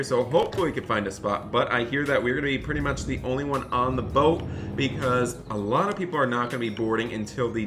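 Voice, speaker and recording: A man playing a dad in an animated game roleplay, excitable and often scolding his son. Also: mid-range voice.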